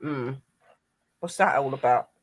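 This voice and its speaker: A woman's voice: very deep voice, unhurried, breathy edge, rough recording. A woman hosting a live paranormal panel chat, speaking tenderly to her late grandad through a spirit box.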